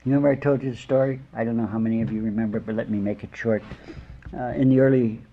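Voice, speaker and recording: Gravelly older man giving a rambling sermon. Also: medium pitch, fairly even intonation, fast talker, slight background noise. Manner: rambling, chuckling, conversational asides. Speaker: spiritual teacher. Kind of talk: informal sermon with storytelling. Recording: dull lo-fi lecture recording.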